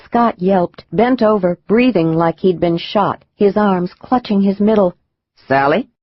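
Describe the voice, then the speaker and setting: A man narrating a thriller audiobook in a measured, even manner. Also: high voice, dull audio.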